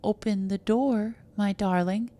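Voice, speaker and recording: A woman's voice: medium pitch, steady tone, measured pace, warm tone, lightly acted. A woman reading the lines of a frightened grown husband who speaks in a coaxing, pleading way. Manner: coaxing, then crying out in alarm.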